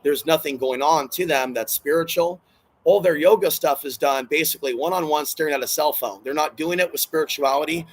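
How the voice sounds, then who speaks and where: Agitated, emotional man, slightly high voice. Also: brisk, low-quality recording. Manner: agitated, emotional, repetitive, swears often. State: distressed and hurting. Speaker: channel host. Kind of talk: rambling solo vlog monologue.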